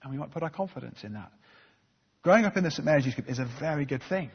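A man's voice: fairly high pitch, expressive, fast, creaky, breathy edge. A man preaching a sermon in a conversational, self-deprecating way, with many fillers. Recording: dull sound with long reverb.

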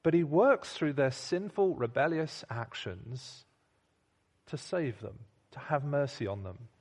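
A man's voice: mid-range voice, animated, unhurried, darkish tone. A man preaching a sermon in a conversational way, asking rhetorical questions and sometimes restarting his sentences. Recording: long hall reverb.

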